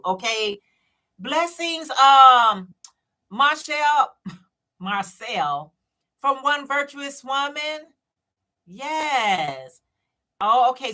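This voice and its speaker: A woman with a bright, ringing voice hosts a casual live stream from home. She talks in a loose, chatty way, circling back over her own phrases and calling out to her viewers as she goes. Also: medium pitch. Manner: chatty, repeats herself, speaks straight to viewers. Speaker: channel host.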